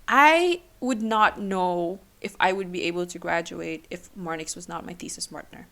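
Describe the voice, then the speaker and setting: A young woman hosting her own podcast, talking emotionally and haltingly, tearful at times. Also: lowish voice, a bit bright. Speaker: podcast host. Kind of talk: personal solo podcast.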